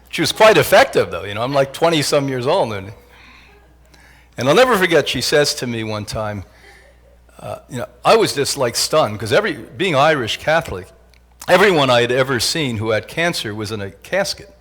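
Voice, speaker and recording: Older man, motivational lecture, joking, animated, laughs at his own lines, mid-pitched voice. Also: a little fast. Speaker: health institute director giving a talk. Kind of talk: motivational lecture to a live audience.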